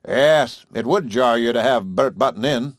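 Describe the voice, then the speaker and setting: A man's voice: mid-range voice, a little slow, no room sound, clean studio sound. A man reading an audiobook, voicing an easygoing, practical small-town husband who talks in a folksy, casual way.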